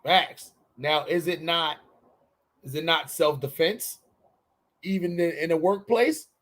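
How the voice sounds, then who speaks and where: A man's voice: on the high side, fairly bright tone. A man hosting a podcast in casual chat, joking and stretching words out for emphasis. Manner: loose, joking, drawn-out emphatic delivery. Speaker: podcast host.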